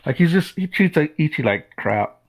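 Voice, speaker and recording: A man's voice: a little high, expressive, normal speed, slightly rough. A man co-hosting a casual film review chat, in a laid-back way that agrees and adds scene details. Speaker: co-host.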